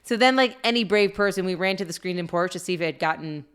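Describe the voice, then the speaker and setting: A middle-aged woman co-hosting a podcast, telling a story in a lively, laughing way with lots of fillers. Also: fairly low pitch, fast talker, clean tone. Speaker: podcast co-host. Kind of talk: casual storytelling chat.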